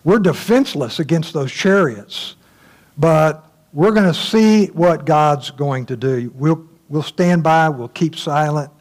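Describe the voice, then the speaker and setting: A man's voice: a little high, slow pace, a little mellow. A man giving a casual, folksy Bible lesson, chatty and full of fillers. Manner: folksy, chatty, many uh fillers, chuckles at his own asides. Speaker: Bible teacher.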